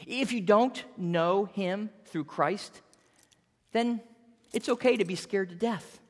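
A pastor in their fifties preaching a sermon in an earnest, animated way, often repeating words. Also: medium pitch, slow, in a large hall. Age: 50s.

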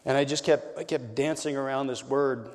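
A man preaching a conversational sermon as a pastor, swinging between loud emphasis and quiet, intimate lines. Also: mid-range voice, steady tone, moderate pace, big-room sound.

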